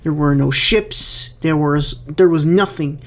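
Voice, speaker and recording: A man's voice: fairly high pitch, takes it slowly. A young man giving casual director's commentary on his fan film, rambling with many fillers and repeated words.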